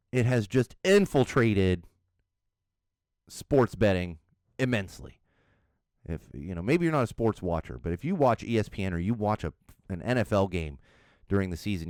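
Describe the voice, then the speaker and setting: A middle-aged podcast host, fairly low in pitch, chuckles his way through lively, casual stories that make fun of himself on his solo show. The recording is dry and clean, with studio sound.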